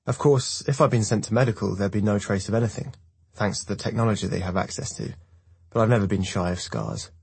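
A man giving scripted first-person audiobook narration in a measured way. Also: lowish voice, fairly even intonation, vocal fry, a little mellow, slightly rough, dry recording.

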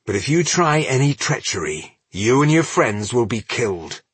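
A man's voice: medium pitch, sing-song, moderate pace, slightly rough, no echo. A man voicing a stern male dwarf who gives firm orders and cold threats in an audiobook.

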